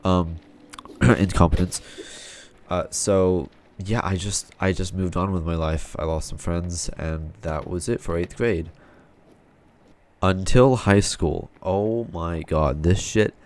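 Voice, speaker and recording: Young man, very low voice, casual rambling storyteller, frustrated, swears freely. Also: fairly even intonation, slow, a little mellow. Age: young adult.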